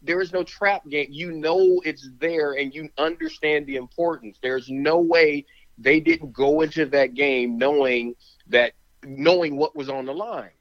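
A man's voice: a little high, a little slow, highs cut off. A man, a former football player, arguing his point emphatically in a sports talk show, often repeating words. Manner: emphatic, repeats words, talks himself out of breath. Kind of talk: sports talk, animated argument.

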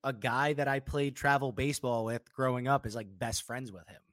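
An easygoing man sits in as a guest sports analyst, with a voice at an ordinary pitch. The recording is dry, with no room sound at all. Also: steady tone, fairly quick, a bit bright, no echo. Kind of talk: casual sports chat.

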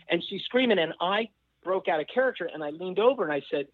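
A man with a slightly high voice tells a long story, throwing himself into the voices of the people in it. The sound is dry and narrow, like a call. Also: quick pace, no echo. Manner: animated storyteller who acts out voices. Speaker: former sports mascot performer. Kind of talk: storytelling in a panel chat.

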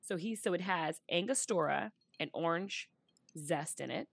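A woman's voice: lowish voice, moderate pace, creaky, dry recording. A woman co-hosting a podcast in casual chat, telling stories and quoting people in playful voices. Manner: chatty storyteller, quotes others in playful voices. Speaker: podcast co-host.

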